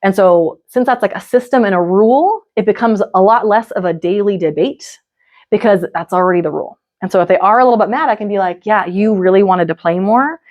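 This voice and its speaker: A woman's voice: mid-range voice, fairly quick, a little mellow. A woman in her thirties, a parenting coach, giving a casual, chatty workshop talk full of "like" and "right?" asides.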